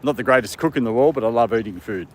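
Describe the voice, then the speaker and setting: Speaking quickly in a mid-range voice, this Australian livestream host chats from a dog park, replying to viewers' comments and addressing his dog. There's slight background noise.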